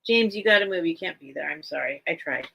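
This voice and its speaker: A woman's voice: low-pitched, animated, a little fast, creaky, sharp tone, slightly rough, low-quality recording. A woman hosting a live vintage sale stream, chatting casually with viewers and her cat and getting easily sidetracked. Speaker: live sale host selling vintage items.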